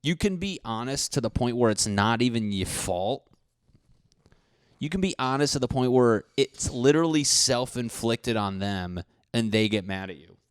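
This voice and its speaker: A man's voice: medium pitch, clear, resonant tone, dry recording, studio quality. A young man hosting a solo podcast, ranting comically with profanity and mocking voices for other people. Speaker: podcast host. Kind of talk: solo comedic rant.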